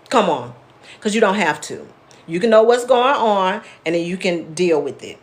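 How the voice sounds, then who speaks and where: A woman's voice: fairly low pitch, a little slow. Woman teaching casually to live viewers. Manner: conversational, reads out and answers viewer comments by name. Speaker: therapist hosting a live wellness class.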